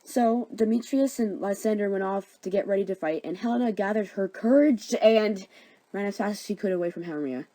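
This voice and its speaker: A woman's voice: medium pitch, a little fast, dark tone, no echo, poor audio. A young woman narrating a comedic story summary in a chatty, sarcastic, slangy way.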